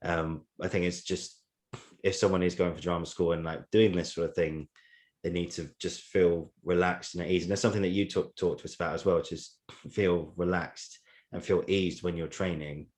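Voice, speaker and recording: A man with a very low, deep voice hosting a podcast. He rambles casually with many fillers and chuckles between his points. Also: steady tone, normal speed, a little mellow. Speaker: podcast host. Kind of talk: casual interview chat.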